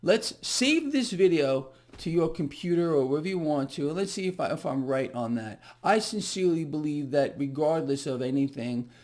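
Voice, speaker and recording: A man's voice: fairly high pitch, animated, moderate pace, hardly any pauses, darkish tone. A man giving a casual market commentary to viewers, ranting in a sarcastic, profane way and laughing in exasperation.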